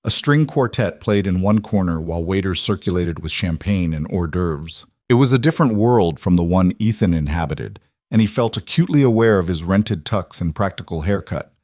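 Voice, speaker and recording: Low-voiced man narrating a story. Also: lively intonation, moderate pace, hardly any pauses, darkish tone, no room sound, clean studio sound.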